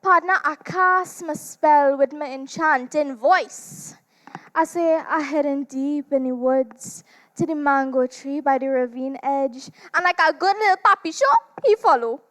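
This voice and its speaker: A woman with a Trinidadian accent performing a theatrical monologue as a seductive demon woman with a cloven hoof. She draws her words out slowly and teasingly, and her loudness rises and falls sharply. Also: sits high. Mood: sly, teasing. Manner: teasing, slow and drawn out, big swings in loudness. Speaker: stage performer in a dramatized literature competition.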